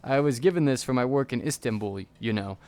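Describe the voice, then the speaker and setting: A man reading the lines of a brisk female inventor in a steampunk text game, chatty and wry. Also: medium pitch, darkish tone, natural voice.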